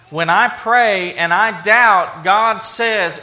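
A man's voice: high-pitched, slow pace, few pauses, bright, forceful tone. A man preaching a sermon in a conversational way, acting out quoted lines and often restarting his sentences. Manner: stumbling restarts and fillers. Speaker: pastor.

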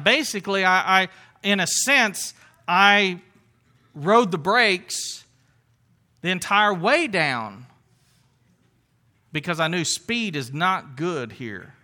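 Pastor, male, high voice, earnest sermon delivery, leans on repetition. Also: pushed and bright. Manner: earnest, repeats phrases for emphasis, reads scripture aloud.

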